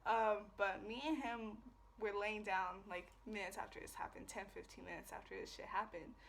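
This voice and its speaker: A woman's voice: mid-range voice, steady tone, normal speed, gravelly, fairly bright tone, a little hiss or hum. A young woman telling a personal story to camera in a rambling, casual way, swearing often and filling with "like". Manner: rambling, profane, lots of fillers. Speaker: vlogger. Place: away from home.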